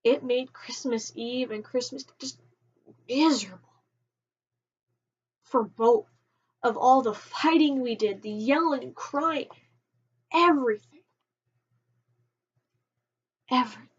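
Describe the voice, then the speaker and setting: A woman telling a personal story on a vlog, emotional and halting, often restarting her sentences. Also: a little high, breathy edge. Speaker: vlogger. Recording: dull lo-fi home recording.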